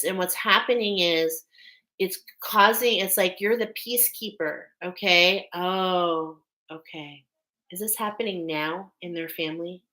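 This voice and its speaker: A woman giving a live channeled intuitive reading in a halting way, often pausing to check in with "okay". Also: lowish voice, fairly bright tone, rough recording. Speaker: intuitive reader.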